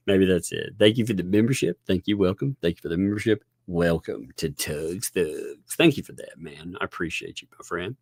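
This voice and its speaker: A man's voice: sits low, lively intonation, moderate pace, no echo, clean studio sound. A man with a Southern US accent hosting a casual livestream, rambling, chuckling often and thanking viewers. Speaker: livestream host.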